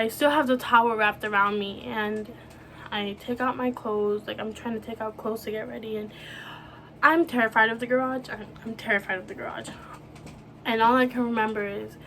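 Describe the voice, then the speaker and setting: Young woman, kinda high voice, emotional vlog story, keeps restarting, bit of hiss behind. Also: fairly bright tone. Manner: emotional, halting, many restarts and "like". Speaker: vlogger. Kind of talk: personal storytelling to camera.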